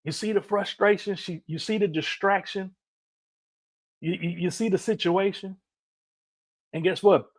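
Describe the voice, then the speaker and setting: Husky, animated male preacher. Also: high-pitched, unhurried, pauses often. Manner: animated, emphatic preaching with repeated phrases. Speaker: minister. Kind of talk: motivational sermon.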